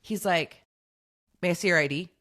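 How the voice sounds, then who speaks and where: A woman co-hosting a podcast, telling an animated story in casual chat and acting out the voices of the people in it. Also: fairly low pitch, moderate pace. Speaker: podcast co-host.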